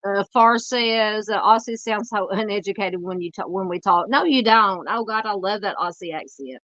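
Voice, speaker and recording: A woman's voice: medium pitch, a bit bright, dry recording, lo-fi sound. Southern woman chatting through a livestream. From United States. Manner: rambling, halting, lots of fillers while searching the screen. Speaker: true crime livestream host. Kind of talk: casual livestream chat reading comments.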